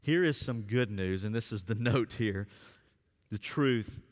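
A man's voice: on the low side, measured pace. A man preaching a sermon as pastor, speaking earnestly and drawing out key words for emphasis. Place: church sanctuary. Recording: long reverb of a church hall.

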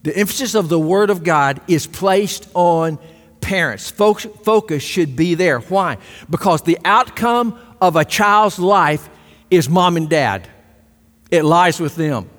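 Emphatic preacher in a reverberant hall. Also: male voice, sits high, animated, slow, fairly bright tone. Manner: emphatic preaching, repeats key phrases, asks congregation for agreement. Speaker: pastor. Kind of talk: sermon.

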